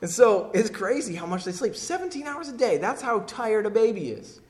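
An emphatic male pastor delivering a sermon, hammering points home by repeating them. His voice sits a touch higher than most men's. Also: sing-song, moderate pace, darkish tone. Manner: emphatic, repeats key phrases.

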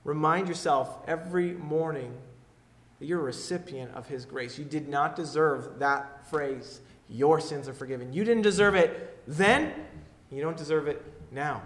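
A man preaching a sermon, earnest and emphatic, swinging between loud declarations and hushed, quiet lines. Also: a little high, reverberant. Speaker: pastor.

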